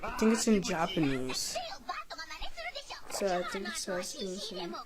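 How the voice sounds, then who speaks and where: A woman's voice: lowish voice, lively intonation, unhurried, a loud crowd. A young woman casually reacting to autoplayed videos, exasperated and dramatic in her complaints. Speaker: YouTuber.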